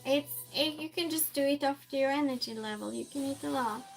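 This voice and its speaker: A woman's voice: high-pitched, fairly quick, vocal fry, soft background music. A woman streamer chatting casually while she cooks, reading viewer comments aloud and answering them with frequent laughs. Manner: laughs often, teases the chat. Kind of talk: casual chat while cooking.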